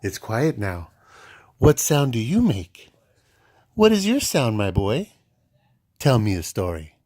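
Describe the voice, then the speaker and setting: Dad reading to his baby at home: unhurried, sing-song baby talk, swooping pitch, with animal noises. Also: huge pitch swings, darkish tone, no room sound. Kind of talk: playful reading aloud to a baby.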